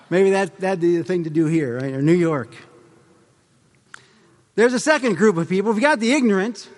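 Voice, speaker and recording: High-voiced man lecturing in a hall. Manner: conversational, rhetorical questions, humorous asides. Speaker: speaker addressing an audience. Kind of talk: lecture to a live audience.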